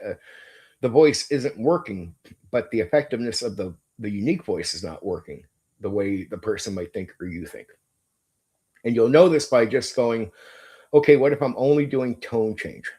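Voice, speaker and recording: A man's voice: fairly low pitch, darkish tone. A middle-aged man hosting his channel, giving a blunt, emphatic monologue with some swearing. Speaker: channel host. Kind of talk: opinionated monologue.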